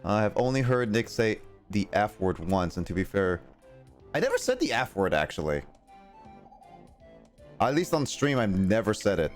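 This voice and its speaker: A young man with a fairly low voice chats loosely through a game stream. He rambles, reads viewer messages out loud and laughs often. Faint game music plays under him. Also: sing-song, normal speed, long pauses. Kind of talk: casual live-stream chat while gaming.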